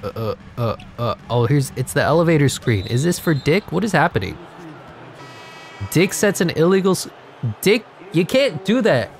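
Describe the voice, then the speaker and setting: A man giving jokey, excitable play-by-play over a video game, his voice congested and wearing out, breaking into sudden yells. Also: on the high side, normal speed, slight background noise. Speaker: gaming commentator. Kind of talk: live game commentary.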